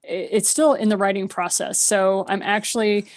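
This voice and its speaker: A woman's voice: medium pitch, steady tone, moderate pace. A middle-aged woman, a guest on a video call, telling personal stories with lots of laughter and acting out her own thoughts. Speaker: guest, spiritual author. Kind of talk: conversational storytelling.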